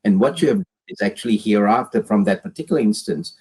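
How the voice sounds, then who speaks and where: A man's voice: fairly low pitch, fast, darkish tone, husky, rough recording. A man hosting an interview, asking reflective questions and offering brief affirmations. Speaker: interview host.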